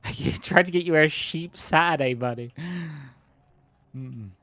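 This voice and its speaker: A man's voice: fairly high pitch, unhurried, bright, forceful tone, dry recording, soft background music. Joking man streaming a game. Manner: joking, banters with friends on voice chat. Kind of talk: casual gaming livestream chat.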